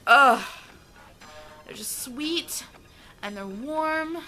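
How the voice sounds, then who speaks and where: A woman's voice: a little high, bright, forceful tone, soft background music, rough recording. A young American woman gushing about her favorite foods in a casual vlog, stretching out her words. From United States. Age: young adult. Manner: gushing, enthusiastic, drawn-out words. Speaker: vlogger.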